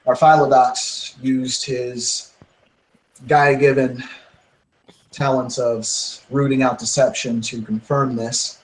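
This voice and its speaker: A man playing a tabletop role-playing game, describing his character's actions in a relaxed, joking manner. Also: medium pitch, poor audio. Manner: relaxed, quick to laugh. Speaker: player. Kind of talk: casual tabletop game play.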